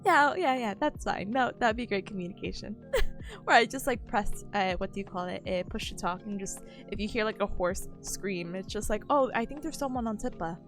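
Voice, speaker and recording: A woman's voice: mid-range voice, moderate pace. A young woman chatting casually on a live stream, bubbly and giggly, her voice slightly nasal and worn from a cold. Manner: bubbly, giggly, greets chat warmly. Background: faint music.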